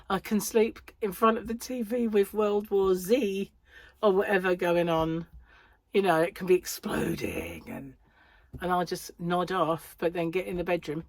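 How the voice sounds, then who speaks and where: British female crafter, lowish voice, rambling chatty delivery, close dry sound. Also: expressive, moderate pace, a little mellow, no room sound. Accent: British English. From United Kingdom. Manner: rambling, chatty, self-interrupting. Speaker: crochet vlogger and yarn shop owner. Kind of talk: casual chat to camera. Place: home, indoors, in a corner.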